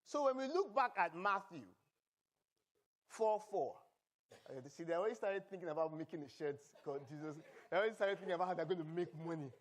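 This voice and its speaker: A man's voice: sits high, expressive, brisk. A man with a Nigerian accent, a pastor preaching a sermon in church. He reads scripture and mixes in humor, drawing responses from the congregation.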